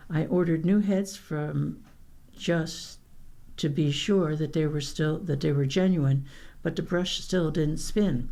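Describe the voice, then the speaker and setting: A woman reading newspaper columns and news items aloud for a radio reading service, in a plain, unhurried way. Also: deep voice, dark tone. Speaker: volunteer newspaper reader. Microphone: radio studio microphone.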